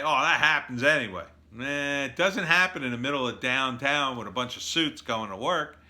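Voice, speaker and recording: A man delivering a sarcastic, animated opinion monologue as a political commentator. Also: medium pitch.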